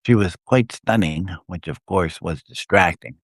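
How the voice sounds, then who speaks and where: A man reading his own first-person adventure story aloud on a live stream, telling it in a steady way. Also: sits low, a little slow, dry recording, clean studio sound.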